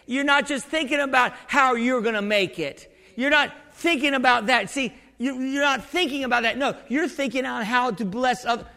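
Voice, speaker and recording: Man, pastor, conversational sermon, bright forceful tone, reverberant church hall. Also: very high-pitched, normal speed, creaky, hardly any pauses. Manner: conversational preaching with many restarts and questions to the congregation. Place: church sanctuary.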